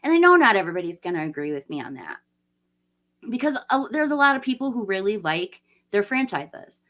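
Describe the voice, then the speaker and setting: Woman in her late forties, bright tone, chatty, rambling, laughs a lot, casual livestream talk. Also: mid-range voice, sing-song, brisk. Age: 40s. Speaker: livestream host. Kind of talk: casual livestream chat reading viewer comments.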